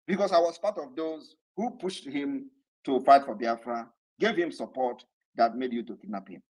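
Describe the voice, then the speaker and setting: Fiery man, lively pitch. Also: poor audio. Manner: fiery, defiant, shouting at times. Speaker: political speaker addressing supporters. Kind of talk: impassioned political address. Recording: online audio room broadcast.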